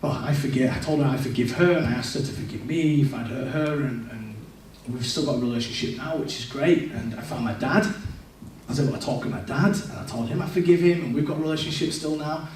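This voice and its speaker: A man's voice: mid-range voice, a little fast, darkish tone, slight background noise. A man giving a personal testimony in church, talking in an earnest, reflective way. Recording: echoey church room, mic at a distance.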